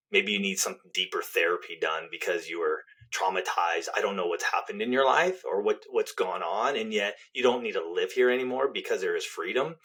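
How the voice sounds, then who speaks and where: A middle-aged man, a guest on a podcast, telling a personal story in an earnest, heartfelt way and dropping to a near hush at tender moments. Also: low-pitched, slightly rough. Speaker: podcast guest, relationship author.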